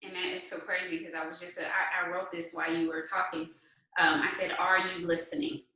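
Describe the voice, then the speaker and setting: A woman with a bright, forceful voice coaches her sales team, pushing them with question after question in a lively, chatty flow. She sounds distant from the mic in a very echoey room. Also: on the low side, fairly quick. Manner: animated, rhetorical questions, conversational. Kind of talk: motivational team talk.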